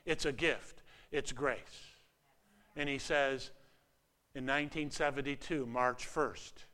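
Older man, preacher, sermon, bright forceful tone, talks to the audience. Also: medium pitch, slow pace. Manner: animated, rises to emphatic peaks then drops to hushed asides; conversational, asks the audience questions.

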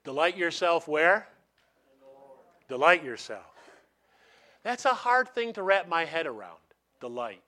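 A male pastor with a bright, forceful voice preaches conversationally and leans on repeated phrases. He talks to his listeners as if in casual chat, then turns to prayer. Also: on the high side, big pitch swings, unhurried, long pauses. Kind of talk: sermon.

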